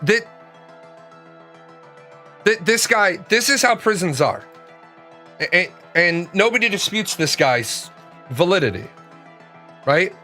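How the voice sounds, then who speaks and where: A man's voice: high-pitched, lively intonation, slow, long pauses, pushed and bright, soft background music. A man hosting a casual chat, talking in a blunt, profane and emphatic way.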